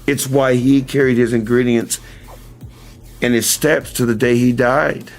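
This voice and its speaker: A man's voice: mid-range voice, steady tone, measured pace, soft background music. A man hosting a casual livestream, telling a story in a rambling, self-correcting way with frequent chuckles, then speaking earnestly and directly to his viewers. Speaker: livestream host. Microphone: camera mic.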